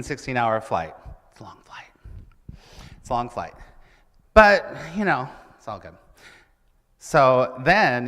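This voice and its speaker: A man giving a lively sermon-style talk at a church, telling stories and asking his audience questions. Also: mid-range voice. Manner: animated, asks the audience questions. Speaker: church speaker. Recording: church hall with long reverb.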